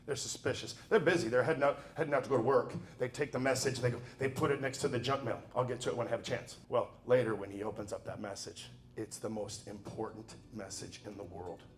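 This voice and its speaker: A man giving a motivational speech in an emphatic, preachy way, dropping to quiet asides and then pushing to loud exhortation. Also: medium pitch, fairly even intonation, a little fast, hardly any pauses, a little hiss or hum. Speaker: motivational speaker.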